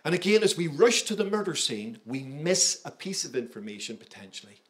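Emphatic preacher, man, slightly high voice. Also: big pitch swings, brisk, a bit bright. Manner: emphatic, engaging, asks the audience questions. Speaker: pastor. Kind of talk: sermon.

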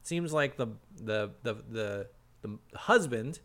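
A man recapping a show's plot for a comedy podcast, animated and jokey, with frequent restarts. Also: mid-range voice, unhurried. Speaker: podcast co-host recapping a show.

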